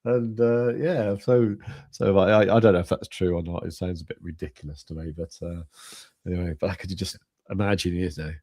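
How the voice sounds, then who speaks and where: Low-voiced chatty host, jokey, laughs easily, dry close sound. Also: male voice, steady tone, brisk, darkish tone, dry recording. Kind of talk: casual livestream chat.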